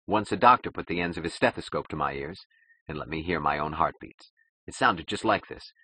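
Male audiobook narrator, very deep and husky, measured dramatic reading. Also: expressive, sharp tone, low-quality recording. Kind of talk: scripted narration.

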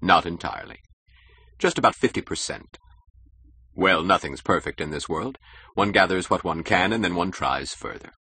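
A suave, scheming male critic who talks with smooth, measured condescension. A man reads him in a very deep, husky voice. His pitch rises and falls with relish. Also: lively intonation, sharp tone, full character voice. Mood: sly.

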